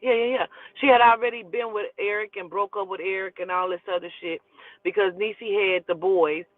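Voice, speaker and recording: A woman telling a personal story in a casual, profane, animated way and acting out the quotes. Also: mid-range voice, fairly quick, dry recording. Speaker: storyteller host. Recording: tinny phone-like line, dry.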